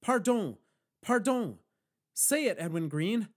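A woman's voice: animated, takes it slowly. A man reading an audiobook, voicing a brash, reckless young woman who orders people around. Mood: insistent. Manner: pushy, bossy, higher and louder.

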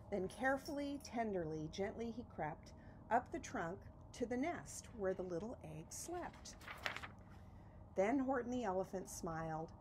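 A woman reading a children's picture book aloud in an expressive, storytelling way. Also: mid-range voice, a little slow, background noise. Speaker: reader.

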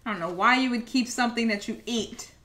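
A woman's voice: a little high, quick pace, bright, forceful tone. A young woman giving chatty, casual commentary while playing a video game. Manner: chatty, reacts aloud to the game. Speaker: gameplay streamer. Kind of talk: casual let's-play commentary.

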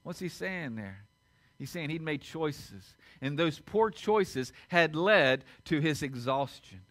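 A middle-aged male pastor preaching a sermon in a church sanctuary, swinging from loud emphatic peaks down to hushed, low passages. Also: animated, slow, no echo. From United States.

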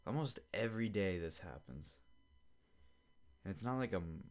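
Low-voiced young man ranting casually. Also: lively intonation, moderate pace. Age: young adult. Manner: rambling, profane and irritated. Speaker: podcast host. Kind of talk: casual podcast rant. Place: home basement.

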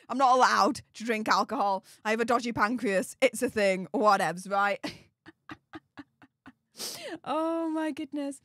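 A woman's voice: fairly high pitch, measured pace, long pauses, a bit bright, no echo, clean studio sound. A woman with a Yorkshire accent hosting a livestream, gushing thanks to viewers for their super chats in an exclamatory, bubbly way. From England. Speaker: livestream host.

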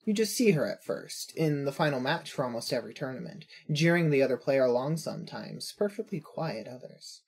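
Husky voice reading second-person fanfic, wry and observant. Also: mid-range voice, expressive, a little fast, hardly any pauses, a little mellow. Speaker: narrator.

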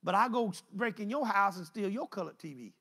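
A male preacher delivering an animated sermon, swinging between loud exclamations and low asides. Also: a little fast.

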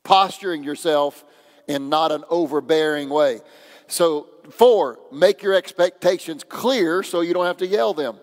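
Male pastor, casual joking sermon, a bit high voice, long church reverb. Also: unhurried. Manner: conversational, joking, acts out quoted voices. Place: church sanctuary.

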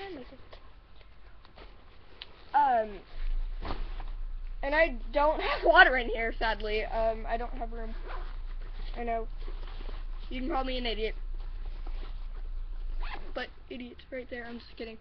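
A woman's voice: fairly high pitch, unhurried, pauses often, background noise. Giggly rambling teenage girl, Oklahoma accent. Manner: rambling, nervous, lots of ums and giggles. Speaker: vlogger. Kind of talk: casual vlog advice. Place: at home upstairs. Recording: dull lo-fi webcam audio.

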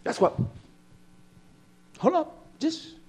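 A man preaching with fire, cursing and swinging from shouts to hushed asides. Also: extremely slow. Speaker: religious teacher. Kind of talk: impassioned preaching.

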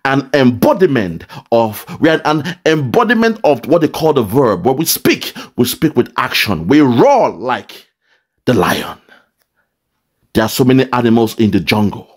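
A man delivers fiery political commentary, hammering his points home through repetition. His voice swings widely in pitch, rising and falling with a preacher's drive. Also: very animated, normal speed. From southeastern Nigeria. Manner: forceful, preaching, heavy repetition. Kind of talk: impassioned video commentary.

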